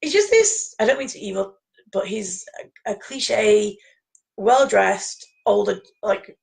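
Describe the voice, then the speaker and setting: A woman's voice: medium pitch, lively intonation, a little slow, vocal fry, rough recording. A woman telling rambling anecdotes in casual chat, laughing often.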